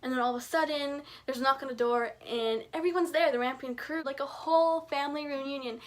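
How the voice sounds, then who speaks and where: Brief: young woman, high voice, excitable book-review vlogger, dramatizes her reactions. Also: brisk. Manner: chatty, excitable, acts out quoted reactions with big pitch jumps. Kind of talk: casual book review vlog.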